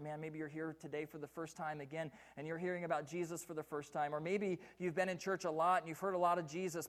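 High-voiced man preaching a sermon. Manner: repeats key lines for emphasis, asks the congregation questions. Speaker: pastor. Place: church, preaching from the pulpit.

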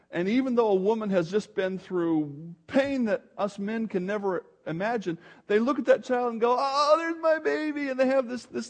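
Male pastor, middle-aged, fairly high voice, earnest emphatic sermon delivery. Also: a little mellow. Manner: earnest, emphatic preaching with restarts.

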